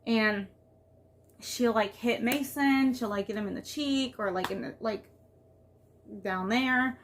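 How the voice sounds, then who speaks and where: A woman with a slightly high voice, rambling and venting as she talks to her camera. She is a mother sharing everyday frustrations in loose, casual vlog talk full of "like.". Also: slow pace, a little hiss or hum. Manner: rambling, venting, heavy use of "like". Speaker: vlogger and mother.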